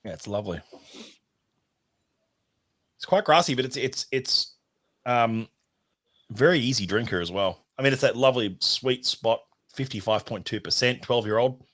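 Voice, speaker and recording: A man's voice: medium pitch, lively intonation, normal speed, pauses often, fairly bright tone. An Australian man chats loosely through a whisky tasting, circling his descriptions with "like" and "um". He sounds like he is on a video call, in an ordinary mid-range voice. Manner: rambling, searching for words with many fillers. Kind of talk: casual online tasting chat.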